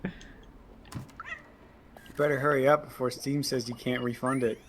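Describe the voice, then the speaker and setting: A man's voice: medium pitch, level tone, normal speed, fairly bright tone, slight background noise. A man joking and teasing in casual banter while friends play a game on stream.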